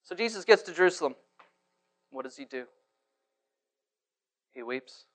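A man preaching a sermon in church, swinging from hushed to loud and asking rhetorical questions. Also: fairly high pitch, lively intonation, normal speed. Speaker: pastor.

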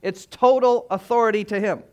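A man's voice: high voice, steady tone, moderate pace, smooth. A man preaching a sermon as pastor, emphatic, with rhetorical questions and repeated phrases.

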